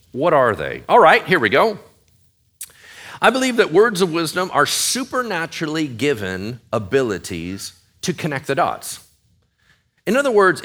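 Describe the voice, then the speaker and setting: Animated bright-voiced male preacher. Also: mid-range voice. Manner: animated, conversational, acts out imagined dialogue. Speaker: pastor. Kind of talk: sermon.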